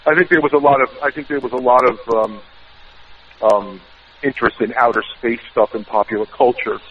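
A man's voice: mid-range voice, steady tone, brisk, breathy edge. A man with a New York accent calling in to a radio show, talking hesitantly with many filler sounds. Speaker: caller. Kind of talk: call-in radio chat. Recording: tinny distant phone line.

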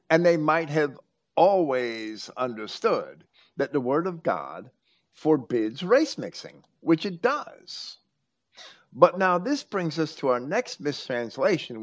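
A man hosting a talk, teaching from scripture with emphatic quoting. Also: medium pitch. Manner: preachy, quotes scripture with emphasis. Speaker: host.

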